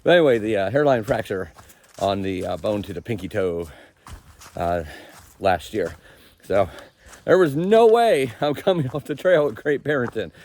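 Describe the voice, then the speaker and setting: A man narrating his thru-hike on camera as he walks a forested mountain trail, rambling and laughing at himself, sometimes quieter and further from the mic. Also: fairly low pitch, big pitch swings, moderate pace, long pauses. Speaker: thru-hiker vlogging the trail. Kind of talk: casual trail vlog narration.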